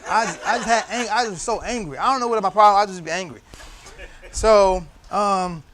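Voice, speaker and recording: A man's voice: high-pitched, racing, fairly bright tone. A young man leading a church Bible study, telling loose personal stories with slang and frequent laughter.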